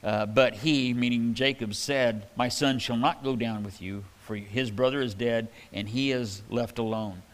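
A man preaching a sermon in a relaxed, conversational way, reading scripture aloud and adding casual asides. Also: mid-range voice, a little slow, few pauses. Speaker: pastor. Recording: hall reverb.

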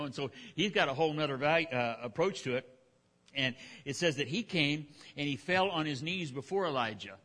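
A man's voice: on the high side, sharp tone, in a large hall. A man preaching a conversational sermon in a folksy way, acting out the characters' lines. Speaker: pastor.

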